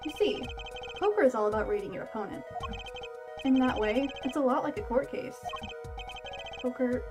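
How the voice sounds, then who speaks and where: A woman reading the lines of a calm, mysterious man, a former lawyer who now plays poker, in a laid-back, teasing way. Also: sits high, normal speed. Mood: cryptic. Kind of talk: reading game dialogue aloud. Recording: game music playing behind.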